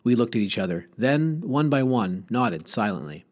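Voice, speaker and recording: Man, audiobook narration, expressive, lively pitch, mid-range voice. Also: moderate pace. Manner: expressive, storytelling. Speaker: audiobook reader.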